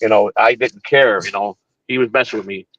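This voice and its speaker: A man's voice: lowish voice, steady tone, brisk, a bit bright, dry recording, highs cut off. A man hosting a morning show, telling a long story in casual, profane, rambling talk with frequent restarts. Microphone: streaming setup.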